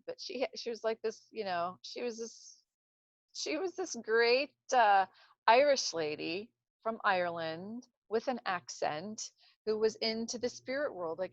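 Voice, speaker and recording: A woman's voice: medium pitch, no room sound. A woman speaking unscripted about healing, rambling and searching for words as she goes. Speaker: speaker on trauma recovery. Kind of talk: casual unscripted talk to camera. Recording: dull lo-fi self-recording.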